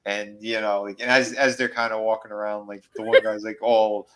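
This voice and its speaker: A man's voice: on the low side, flat delivery, fairly quick, a bit bright, low-quality recording. Rambling man recapping a horror show. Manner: rambling, filler-heavy, acts out lines from the show. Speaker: podcast co-host. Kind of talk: casual recap of a horror series.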